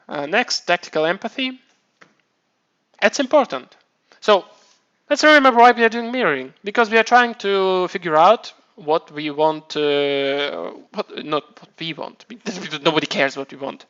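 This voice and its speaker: A man's voice: on the high side, fairly bright tone, smooth, dull audio. A man casually chatting on his live stream, rambling and swearing, often restarting his sentences. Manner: rambling, profane, self-mocking, many restarts.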